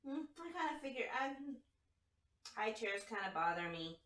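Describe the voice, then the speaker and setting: A woman's voice: a little high, sing-song, moderate pace, a bit bright. A woman playing in a tabletop game, talking casually and playfully. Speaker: player. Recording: roomy echo.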